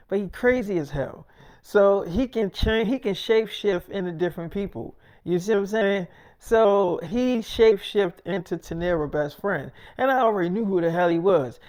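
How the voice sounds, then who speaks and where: A man's voice: high voice, a little mellow. Rambling, cursing male storyteller. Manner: rambling, profane, boastful. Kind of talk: casual storytelling.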